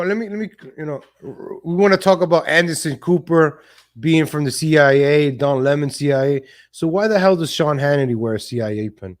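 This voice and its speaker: A man hosting a live stream, giving blunt, casual political commentary with cursing and frequent laughs. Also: fairly high pitch. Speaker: livestream host.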